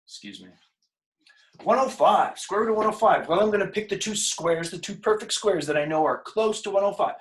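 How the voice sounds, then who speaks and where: A man's voice: high-pitched, animated, fairly quick, low-quality recording. A man teaching a casual math lesson, working problems aloud with jokes and asides. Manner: joking, thinks aloud while working problems. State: out of breath.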